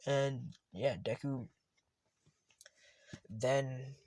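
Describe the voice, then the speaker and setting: A man's voice: mid-range voice, drawn-out words, darkish tone, husky, no echo. A man casually retelling a fan story, rambling and often correcting himself.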